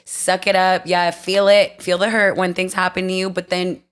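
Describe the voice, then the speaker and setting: A young woman talking as a podcast guest in a casual chat, blunt and emphatic, quick to laugh. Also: on the low side, flat delivery, clear, resonant tone. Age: young adult.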